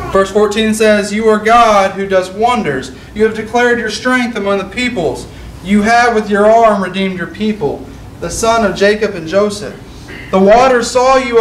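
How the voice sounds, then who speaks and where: A man's voice: sits high, slight background noise. A man preaching an earnest sermon, reading scripture aloud and restating it in plain words. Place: church sanctuary. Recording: echoey church room, mic at a distance.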